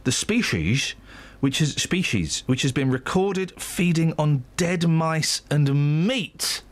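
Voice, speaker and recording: Brief: English man, breakfast radio presenter, fairly high voice, jokey and rambling. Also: lively intonation, slow pace. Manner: jokey, rambling, reads stories with comic asides. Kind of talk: casual breakfast radio chat.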